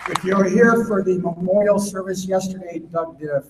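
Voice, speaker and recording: A high-voiced man speaks at a convention podium, with his words echoing around a big hall that has a long reverb. He rambles through recognitions of guests in a halting, stop-start way. Clear background noise runs underneath. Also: steady tone.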